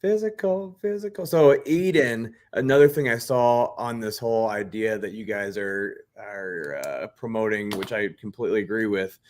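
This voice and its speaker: A man with a fairly low voice chats casually on a podcast. He lays out opinionated, analytical takes. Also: moderate pace, few pauses. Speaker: podcast co-host. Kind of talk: casual chat recapping a reality show.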